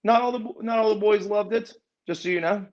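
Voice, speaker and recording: A man's voice: high-pitched, fairly quick, darkish tone, lo-fi sound. Rambling man with a raised voice. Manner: rambling, repeats and restarts words, chuckles often. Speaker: interview guest. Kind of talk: casual storytelling in a podcast interview.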